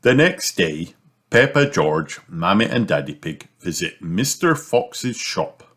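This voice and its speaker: A man narrating a children's storybook in an expressive bedtime-story manner. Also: deep voice, slow pace, breathy edge. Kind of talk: children's audiobook reading.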